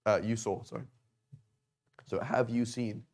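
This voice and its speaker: Gravelly man teaching a class. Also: medium pitch, fairly even intonation, measured pace, a little mellow. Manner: conversational, rhetorical questions, frequent "right?". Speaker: Arabic teacher. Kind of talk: informal class lecture.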